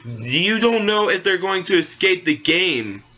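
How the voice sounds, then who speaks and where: Rambling young man with a bright voice. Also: sits high, sing-song, unhurried, muffled recording. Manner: rambling, full of fillers and restarts. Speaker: vlogger. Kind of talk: casual opinion rant.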